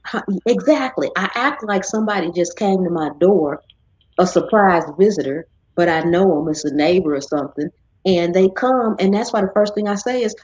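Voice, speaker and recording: Husky-voiced woman host, chatty. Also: lowish voice, normal speed, dry recording. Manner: chatty, animated when quoting others. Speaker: host of a live cooking stream. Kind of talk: casual chat. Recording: dull lo-fi stream audio.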